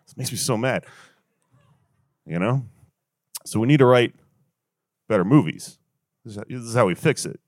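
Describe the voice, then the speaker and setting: A man's voice: mid-range voice, normal speed, pauses often, a little mellow, no room sound. A young man doing a stand-up comedy set, rambling and swearing through an exasperated rant on a handheld stage mic.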